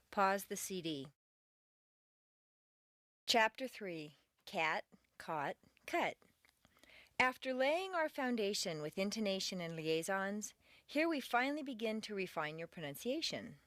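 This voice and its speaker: A woman narrates a language lesson with clear, carefully articulated speech and a lively, melodic pitch. Her delivery is deliberate and instructional, recorded dry and close in a studio. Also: no echo. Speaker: pronunciation teacher.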